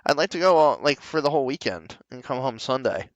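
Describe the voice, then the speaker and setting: A man's voice: mid-range voice, fast, dull audio, a crowd in the background. A man hosting a casual podcast chat, swearing freely and acting out the people in his stories. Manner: profane, animated storyteller who acts out quoted people. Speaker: podcast host.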